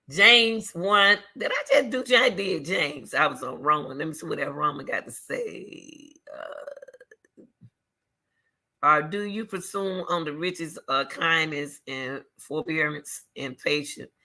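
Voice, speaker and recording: A middle-aged woman YouTuber with a low voice speaks straight to her viewers in casual commentary. Between readings of scripture she makes loud, emphatic, repeated remarks in a teacherly manner.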